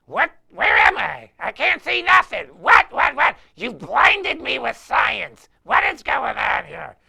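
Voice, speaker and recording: Loud, panicked bandmates yelling that they can't see a thing, put on by a man. The voice jumps high and bright and cracks into a gravelly shout. Every line is frantic and over the top. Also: big pitch swings, slow, exaggerated voice. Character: panicked male bandmates lost in the dark onstage.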